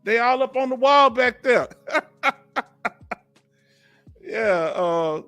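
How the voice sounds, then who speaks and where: A man's voice: extremely high pitch, lively intonation, very slow, sharp tone, soft background music. A man from Houston with a Southern Texas accent, hosting a casual live stream and joking with his viewers, laughing often. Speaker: veteran livestream host.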